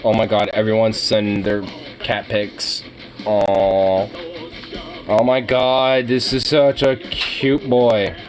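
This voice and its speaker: A man streaming casually, reacting to cat pictures with excitable gushing and casual swearing. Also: lowish voice, slow, soft background music. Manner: excitable, gushing over cats, casually profane.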